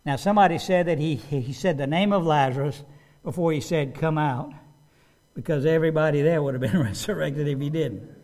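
A man preaching a sermon in an animated way, restarting phrases and raising his voice for quoted commands. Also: high voice. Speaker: pastor.

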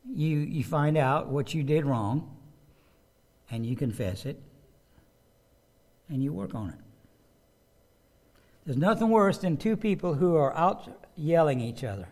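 Man, pastor, sermon, somewhat high voice, conversational, repeats himself, asks rhetorical questions. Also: expressive, unhurried, pauses often, a little mellow. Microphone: microphone with a loose connection.

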